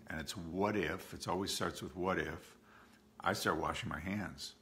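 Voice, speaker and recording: A man's voice: low-pitched, unhurried, pushed and bright. A man in his sixties talking candidly and conversationally to a support group from his home, often repeating phrases for emphasis. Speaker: OCD educator and coach. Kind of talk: live-streamed talk to a support group.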